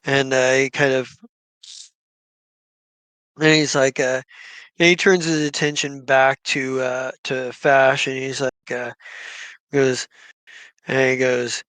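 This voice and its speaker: A man narrating as game master in a tabletop game, halting with frequent fillers. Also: medium pitch, little pitch movement, fairly bright tone, clear, resonant tone, dry recording.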